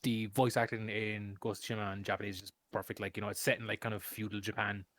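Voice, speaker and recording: A man's voice: on the low side, little pitch movement, fast, fairly bright tone. A man from the UK chatting on a casual podcast, rambling through fillers and swearing. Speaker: podcast co-host.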